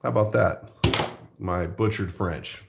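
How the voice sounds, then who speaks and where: A man's voice: deep voice, measured pace, gravelly, roomy sound, noisy background. A middle-aged man chatting casually while he works on a craft project, rambling and joking at his own expense. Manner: rambling, self-mocking, jokey. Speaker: art channel host.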